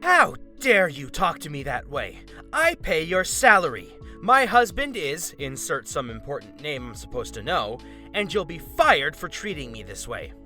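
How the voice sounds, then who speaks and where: A man's voice: mid-range voice, normal speed, hardly any pauses, sharp tone, soft background music, close to an everyday voice. A man voicing a furious, entitled middle-aged woman shopper who screams indignantly. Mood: shrieking. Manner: shrieking, indignant.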